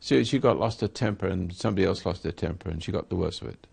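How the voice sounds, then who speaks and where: Man, gravelly voice, husky, sermon dialogue, rambling, acts out quoted voices. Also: low-pitched, quick pace, a little mellow. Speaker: spiritual teacher.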